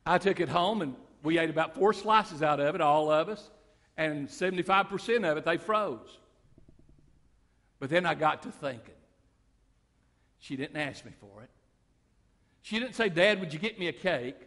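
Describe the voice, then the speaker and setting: A man preaching a sermon as pastor, moving between loud declarations and quiet stories. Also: a little high, lively intonation, moderate pace, long pauses, in a large hall. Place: church sanctuary.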